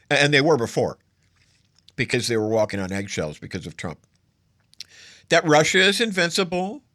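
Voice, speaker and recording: A man's voice: medium pitch, pushed and bright, dry recording, clean studio sound. A man hosting solo political commentary, sarcastic and emphatic, stacking up adjectives as he argues.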